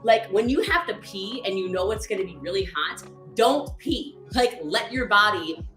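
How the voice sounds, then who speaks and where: A woman's voice: medium pitch, animated, normal speed, over music. A woman animatedly telling a story as a team leader, full of "like" and "literally", sounding exasperated. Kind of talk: storytelling anecdote. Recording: echoey room.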